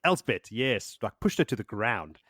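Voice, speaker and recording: A man's voice: fairly low pitch, big pitch swings, normal speed, a bit bright, slightly rough, no echo, clean studio sound. A man hosting a podcast, chatting casually and rambling as he recaps a book, laughing and swearing now and then. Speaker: podcast host.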